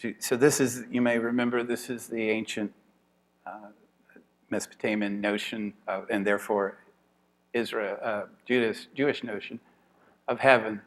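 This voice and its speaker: A man's voice: on the low side, steady tone, moderate pace, long pauses, fairly bright tone. A man giving an informal evening lecture to a class. He talks in a chatty way, laughs often and thinks aloud with restarts.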